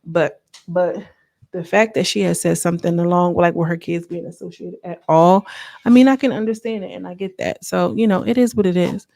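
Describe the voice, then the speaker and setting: A woman casually recapping a reality TV episode in a gossipy vlog, acting out the cast's lines in a higher voice. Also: steady tone, fairly quick, creaky, dark tone. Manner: chatty, gossipy, acts out quotes with raised pitch. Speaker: reality TV reviewer.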